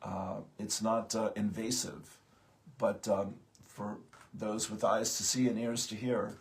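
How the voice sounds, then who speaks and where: A man hosting a morning spiritual talk, speaking haltingly with many pauses and fillers, just out of bed. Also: lowish voice, little pitch movement. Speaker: host of a morning spiritual program.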